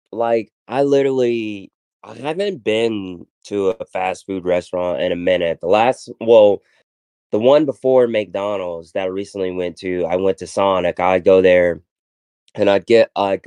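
A podcast host tells rambling stories in casual chat, packed with fillers and restarts. His voice is low, smooth, and dark in tone, unhurried, with no room sound.

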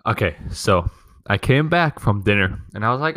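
A man's voice: lowish voice, animated, normal speed, fairly bright tone. A young man hosting a casual podcast from home, rambling through a profane, complaining story about his family. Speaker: podcast host. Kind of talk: casual rant.

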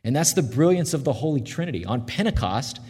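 A man preaching a sermon in an earnest, conversational way, slowing and softening when he quotes promises. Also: mid-range voice, sing-song, breathy edge, big-room sound. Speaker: pastor.

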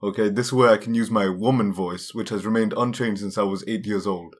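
Deadpan young man cracking jokes. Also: on the low side, brisk. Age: young adult. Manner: deadpan, absurd interjections. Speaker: podcast co-host. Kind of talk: casual comedic podcast banter. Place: dorm room.

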